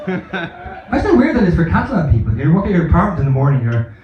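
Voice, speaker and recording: A man's voice: fairly high pitch, sing-song, fast talker, a crowd in the background, background noise. A man doing a stand-up comedy set, telling rambling, profane, self-mocking stories. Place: comedy club in Barcelona. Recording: echoey, dull live club recording.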